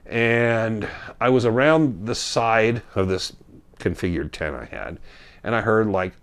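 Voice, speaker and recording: A man with a very low, deep voice recounts a trip at an easy, conversational pace. He rambles a little and corrects himself as he goes, like he is telling it to friends. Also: normal speed. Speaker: storyteller recounting a backcountry trip. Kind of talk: casual spoken storytelling.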